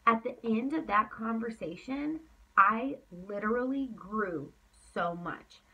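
A woman's voice: a little high, slow pace, pushed and bright, slightly rough, far from the mic, muffled recording. A woman giving a motivational coaching talk to her sales team. She is emphatic, repeats points for effect, and is tired from talking late at night. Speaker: team leader.

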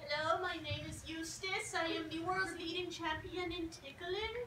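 A woman's voice: extremely high pitch, steady tone, bright, forceful tone. A woman playing a giggly tickling champion. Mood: prim. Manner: slow, prim, giggly. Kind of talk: improv comedy scene. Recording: echoey stage from far off, crowd noise.

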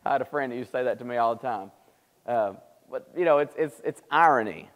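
A man's voice: mid-range voice, fast talker, fairly bright tone. A man teaching a Bible class in conversational style, acting out quoted speech. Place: church auditorium. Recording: long hall reverb of church live stream.

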